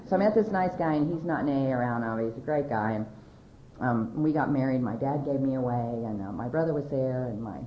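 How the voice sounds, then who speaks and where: A woman's voice: expressive, quick pace. A middle-aged woman from California telling her recovery story to a crowd, rambling and conversational with many fillers and restarts. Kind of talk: personal testimony talk to an audience. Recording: echoey hall, dull lo-fi sound, faint rumble.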